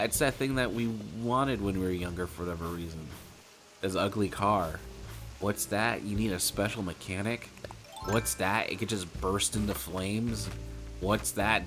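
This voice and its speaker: Low, slow-talking man rambling over game music. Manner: rambling, self-mocking, jokey asides. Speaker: gaming streamer. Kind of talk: casual gameplay chatter.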